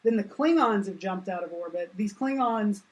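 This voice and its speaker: A woman's voice: mid-range voice, lively intonation, moderate pace, low-quality recording. A woman co-hosting a podcast, chatting casually about a movie with wry, crude jokes. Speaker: podcast co-host. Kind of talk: casual chat, recapping a movie.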